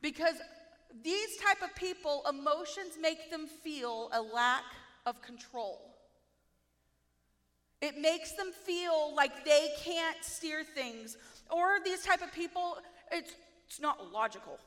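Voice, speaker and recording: A woman preaching a sermon in a playful, self-mocking, animated way. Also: sits high, slow, long reverb tail.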